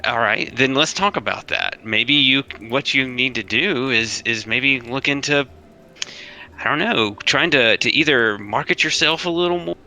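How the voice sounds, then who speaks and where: A man's voice: mid-range voice, a little slow, pushed and bright, rough recording. A man playing a tabletop game, talking in a friendly, coaxing way with stammered restarts. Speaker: player.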